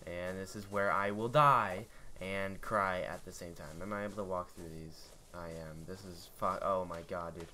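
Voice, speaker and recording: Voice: low-pitched, fairly even intonation, moderate pace, hardly any pauses, sharp tone, slight background noise. A let's play gamer giving live gameplay commentary, panicky and shrieking, swearing constantly.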